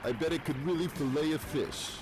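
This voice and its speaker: A man's voice: a little high, fairly quick, close to an everyday voice, poor audio. A man voicing a cocky young male pirate cook in an English-dubbed fighting game, brash and mouthy. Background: game music.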